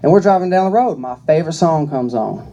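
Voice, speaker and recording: Profane stand-up comedian, mellow voice. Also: male voice, a little high, fast, lo-fi sound, a little hiss or hum. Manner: profane, deadpan, conversational.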